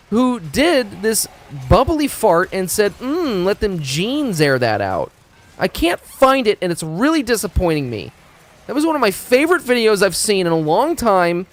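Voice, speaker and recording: A man streaming games talks at a normal pace in a high voice that swings widely in pitch. The chat is casual, rambling and profane, and he frequently stumbles and begins sentences again.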